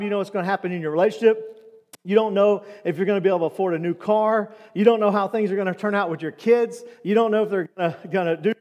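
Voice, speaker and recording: A man's voice: sits high, darkish tone, in a large hall. A man preaching a sermon, telling stories and asking asides of the congregation in a church. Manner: storytelling, conversational with asides to the congregation. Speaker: pastor. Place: church sanctuary.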